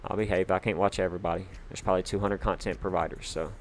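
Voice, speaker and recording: A man hosting a casual livestream, chatty and excitable, with lots of fillers, shout-outs and sudden bursts of hype. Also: low voice, fast, a little hiss or hum. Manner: hyped, chatty, full of fillers. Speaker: livestream host.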